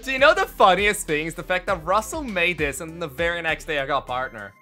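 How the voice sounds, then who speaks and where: A man's voice: fairly high pitch, animated, fairly quick, pushed and bright, soft background music. A young Australian man streaming, reacting to fan memes in casual chat, laughing often and swearing freely.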